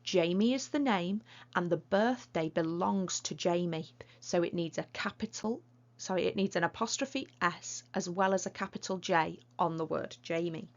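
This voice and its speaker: A British woman teaching young children, her voice on the low side as she explains a dictation lesson patiently and clearly, with a playful touch. The recording sounds a little muffled and lo-fi. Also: normal speed. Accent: British English. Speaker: primary school teacher.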